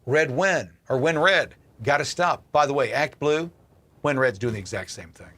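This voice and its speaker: A man's voice: medium pitch, animated, moderate pace, a bit bright. Fired-up profane man ranting on a livestream. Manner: angry, profane, repeats and restarts. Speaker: political livestream host. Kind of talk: ranting commentary.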